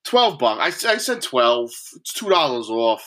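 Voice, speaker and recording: A man co-hosting a podcast in casual chat, blunt and heavy on profanity, quick to get worked up. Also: medium pitch, sing-song, noisy background. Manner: blunt, profane, easily riled.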